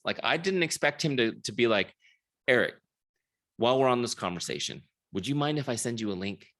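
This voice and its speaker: A man's voice: on the low side, a bit bright. A man leading an online sales training, telling stories with acted-out dialogue and often checking in with his listeners over a video call. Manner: storytelling, acts out quoted dialogue, checks in with the audience. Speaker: software founder giving a sales training. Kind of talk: live online training talk.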